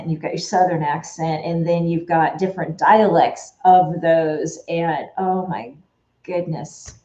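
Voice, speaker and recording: A woman in casual conversation who rambles from point to point, picking up fillers and restarting sentences as she goes. Her voice sits a little low and sounds mellow. It comes through in an echoey room on a somewhat dull, lo-fi recording. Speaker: Etsy shop owner. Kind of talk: casual chat while working.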